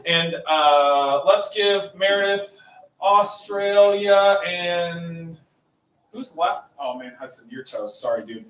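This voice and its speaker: A man's voice: high-pitched, lively intonation, slow pace, a bit bright. A man hosting a live improv comedy night, upbeat and chatty, laughing easily as he sets up games. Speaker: improv show host. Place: small coffee shop stage. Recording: roomy distant mic with faint noise.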